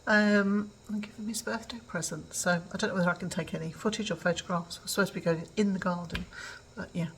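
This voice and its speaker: A woman's voice: fairly low pitch, steady tone, fast talker, slight background noise, rough recording. An older woman from England chatting casually in a home vlog, rambling with lots of ums. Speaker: vlogger. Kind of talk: casual chat.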